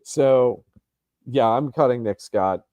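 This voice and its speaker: A man's voice: mid-range voice, slow pace, mellow, no room sound, studio quality. A man co-hosting a sports podcast, chatting casually and hesitantly, with plenty of restarts and ums. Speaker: podcast co-host.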